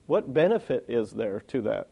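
A man's voice: medium pitch, big pitch swings, normal speed, vocal fry, dark tone, slightly rough. A man giving a sermon in a plain, conversational way, often asking rhetorical questions. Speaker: preacher.

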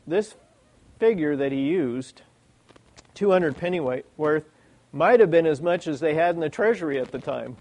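Male preacher, slightly higher voice, lively sermon delivery with frequent rhetorical questions. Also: normal speed, poor audio. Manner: animated, lots of rhetorical questions.

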